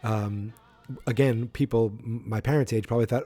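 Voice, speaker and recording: A man's voice: fairly low pitch, fairly even intonation, normal speed, dark tone, faint music behind. A man hosting a podcast who gives a casual, rambling recap of a sitcom episode, full of fillers and restarts. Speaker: podcast host.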